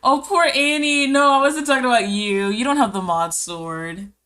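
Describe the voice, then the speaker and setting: A woman's voice: high-pitched, normal speed, bright, forceful tone. A woman streamer talking casually with her chat while she draws, reading messages aloud and giggling often.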